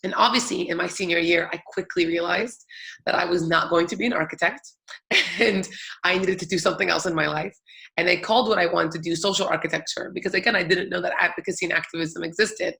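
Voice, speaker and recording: A woman's voice: lowish voice, steady tone, fast talker, vocal fry, sharp tone. A young adult woman giving a talk, telling her own story in an earnest, emphatic way. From United States. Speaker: public speaker.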